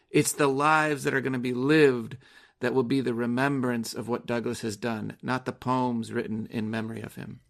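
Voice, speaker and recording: A man's voice: mid-range voice, little pitch movement, normal speed, creaky, a bit bright. A man co-hosting a podcast, discussing a poem in a reflective way and often restarting his phrases. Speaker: podcast co-host. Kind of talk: casual poetry discussion.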